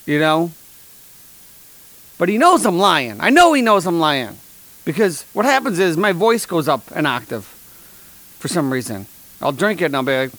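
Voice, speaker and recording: A man with a fairly high voice delivers a comedic monologue. He rants in a dry, sarcastic, deadpan way and slips into mock sponsor reads. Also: normal speed, long pauses, dry recording. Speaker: podcast host.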